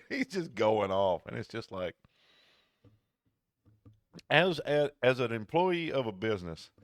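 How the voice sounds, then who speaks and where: Low-voiced man telling rambling stories. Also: sing-song, slow, no echo, clean studio sound. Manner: rambling storyteller, acts out callers' voices. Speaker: podcast co-host. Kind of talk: casual chat.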